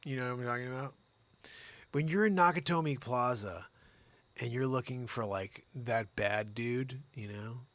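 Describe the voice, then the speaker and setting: On his live-streamed comedy news show, a man speaks at a moderate pace in a medium pitch, recorded dry. Sarcastic and rambling, he switches between reading loudly and muttering asides.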